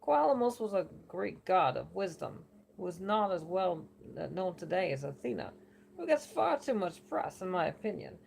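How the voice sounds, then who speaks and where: A woman voicing a glib, self-satisfied male oracle in a deliberately bad put-on New York accent, chatty and boastful. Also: mid-range voice, creaky, a little mellow, slight background noise.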